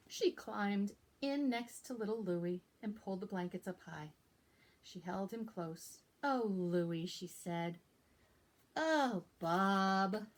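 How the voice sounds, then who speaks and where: A woman librarian reading a picture book aloud to young children in a gentle storytelling manner. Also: medium pitch. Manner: gentle, warm storyteller talking to young listeners.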